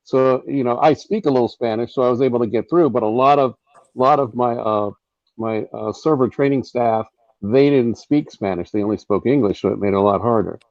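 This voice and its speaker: A man's voice: medium pitch, a little fast, darkish tone, no room sound. Man chatting with a dull, dry sound. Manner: rambling, many restarts, laughs easily. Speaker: host. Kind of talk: casual comedic round-table chat.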